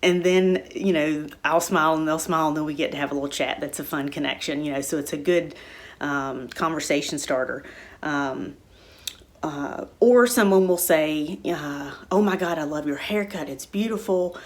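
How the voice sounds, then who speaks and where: A middle-aged woman talking casually and warmly about her own life, rambling with many fillers and restarts. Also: low voice, moderate pace. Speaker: spiritual center speaker. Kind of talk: casual personal talk.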